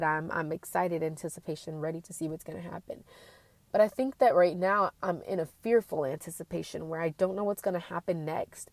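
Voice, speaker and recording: Earnest, rambling young woman, lowish voice. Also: no room sound. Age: young adult. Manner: rambling, filler-heavy, earnest. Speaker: college student vlogger. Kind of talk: personal reflective monologue.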